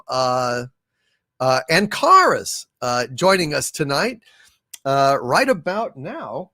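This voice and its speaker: A man hosting a live stream, reading super chats aloud in a casual, halting way with many fillers. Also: fairly high pitch, fairly bright tone, dry recording, studio quality. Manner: sings slowly.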